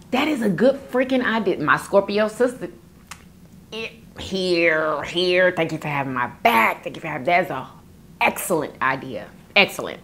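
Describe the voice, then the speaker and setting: A woman's voice: lowish voice, expressive, measured pace, fairly bright tone, a little hiss or hum. A woman, chatting casually as a vlogger, reading viewer comments aloud and laughing often.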